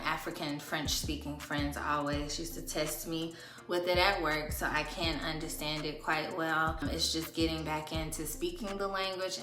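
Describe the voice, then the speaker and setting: A woman's voice: deep voice, a bit bright. A woman in her thirties with a lilt, chatting casually to viewers as she does her makeup. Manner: chatty, talks while doing makeup. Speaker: beauty vlogger. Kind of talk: casual get-ready-with-me chat. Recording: roomy echo with music behind.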